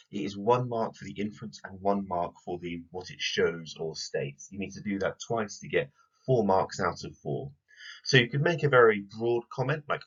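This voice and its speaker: A man teaching a recorded history lesson to pupils, explaining clearly and speaking to them directly. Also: lowish voice, a bit bright, lo-fi sound.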